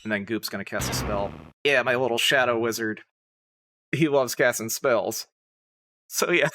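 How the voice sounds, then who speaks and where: A live streamer chatting casually, excitable and prone to giggling while commenting. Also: mid-range voice, unhurried, pauses often. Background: music playing.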